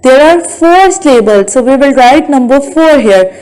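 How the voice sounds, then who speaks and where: A woman with a Bangladeshi English accent, teaching a school English lesson and slowly sounding out words syllable by syllable. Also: high voice, expressive, darkish tone, poor audio. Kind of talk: classroom lesson.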